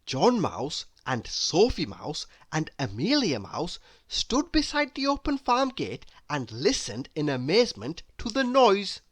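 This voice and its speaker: A man reading a children's storybook aloud in a slow, very expressive, sing-song way. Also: fairly high pitch. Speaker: storybook reader.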